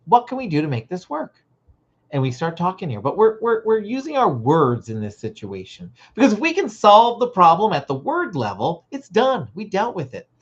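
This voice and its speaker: A Christian parenting coach hosting a livestream, teaching parents in an animated way and acting out short dialogues. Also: mid-range voice, moderate pace, slightly rough, muffled recording.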